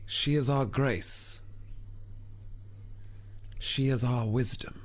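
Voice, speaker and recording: A man performs a sarcastic comedic rant straight to camera. His voice swings between hushed, almost whispered asides and sudden loud outbursts. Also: mid-range voice, steady tone, very slow. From England.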